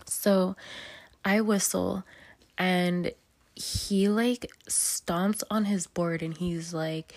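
Young woman podcasting, low gravelly voice, swears a lot, blunt casual storytelling, dry sound. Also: fairly even intonation, very slow, no echo. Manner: blunt, swears freely, acts out quotes. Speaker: podcast host.

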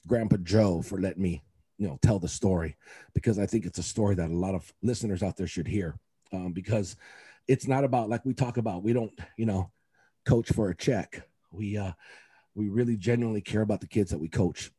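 A man with a low, dark, husky voice talks in a loose, rambling way on a casual podcast, full of fillers and restarts. He is a youth coach who speaks with open emotion. The sound is dry and close to the mic. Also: a little fast, dry recording.

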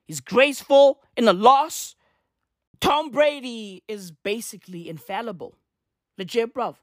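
A man's voice: extremely high pitch, measured pace, a bit bright, dry recording, clean studio sound. A man ranting comedically and profanely, full of slang and repeated rhetorical questions. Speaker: vlogger. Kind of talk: comedic rant. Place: in South Africa.

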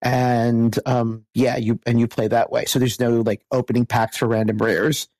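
A man guesting on a podcast, talking casually with a hoarse, worn-out voice and a rambling manner full of restarts. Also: medium pitch, level tone, normal speed, a little mellow, dry recording. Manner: rambling, many restarts and fillers. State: hoarse, lost voice.

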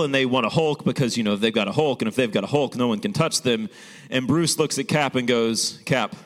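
A young man preaching a sermon as pastor, in a casual storytelling manner with many fillers. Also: on the low side.

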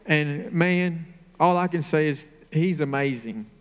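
A man's voice: a little slow, in a large hall. A man sharing an emotional personal testimony at a church service, heartfelt and building in intensity. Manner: heartfelt, rising in pitch and intensity. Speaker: church member giving testimony.

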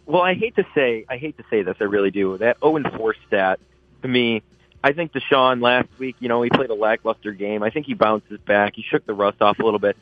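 A man's voice: lowish voice, fairly quick. Grumbling man on a tinny line. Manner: reluctant, grumbling. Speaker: panelist. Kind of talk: casual sports picks chat.

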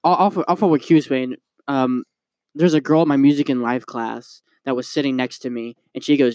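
A man's voice: mid-range voice, fairly even intonation, normal speed, no room sound. A young man co-hosting a podcast, telling a story with lots of swearing and acted-out quotes in casual chat. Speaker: podcast co-host.

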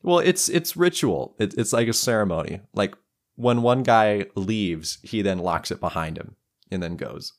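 A man's voice: on the low side, animated, normal speed. A young man narrating as game master of a tabletop game, improvising loosely with lots of restarts.

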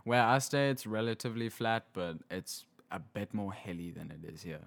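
A young man from South Africa with a South African accent, casually explaining his home as a podcast guest, easygoing and quick to laugh. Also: on the low side, lively intonation, gravelly.

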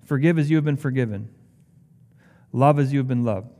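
Impassioned pastor preaching in a reverberant hall. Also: male voice, a little fast, dark tone. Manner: impassioned, rising in pitch when quoting scripture. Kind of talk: sermon.

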